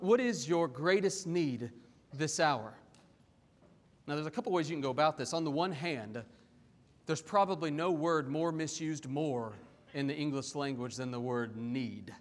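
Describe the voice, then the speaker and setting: A male pastor preaching a sermon, reading scripture with expression and speaking warmly and humorously to his congregation. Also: fairly high pitch. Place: church sanctuary. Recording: long hall reverb.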